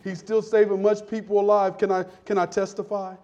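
High-voiced lively preacher. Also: male voice, a little fast, highs cut off. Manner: lively, conversational preaching with call-and-response. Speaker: pastor. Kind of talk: sermon. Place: church.

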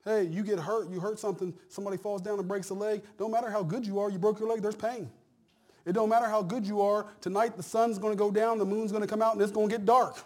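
High-voiced middle-aged preacher, folksy and emphatic. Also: male voice, fairly even intonation, fast talker, few pauses. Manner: folksy, conversational preaching that swings between hushed and loud; repeats phrases for emphasis. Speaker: pastor. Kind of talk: sermon.

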